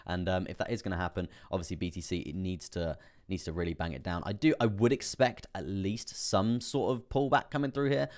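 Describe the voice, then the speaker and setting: A man with a very deep voice hosts a relaxed live-stream about crypto trading. He rambles through charts with lots of fillers, chuckling to himself as he goes. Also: a little fast, few pauses. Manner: chatty, rambling, laughs often, many fillers. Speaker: crypto trading livestream host. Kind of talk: casual live-stream market commentary.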